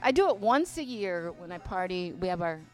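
An older woman, a veteran dancer, telling stories in a casual interview, animated and swearing freely, acting out other people's voices. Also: lowish voice, a little fast. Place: inside a bar venue. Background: faint music.

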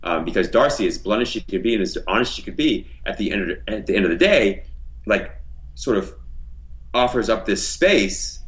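Low-voiced man explaining thoughtfully. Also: lively intonation, brisk, fairly bright tone, low-quality recording. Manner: reflective, explanatory, many fillers. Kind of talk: casual podcast discussion.

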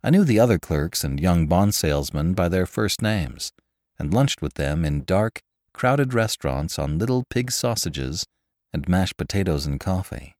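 Low, expressive male audiobook narrator. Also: dry recording, clean studio sound. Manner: measured, expressive reading. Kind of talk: scripted narration of a classic novel.

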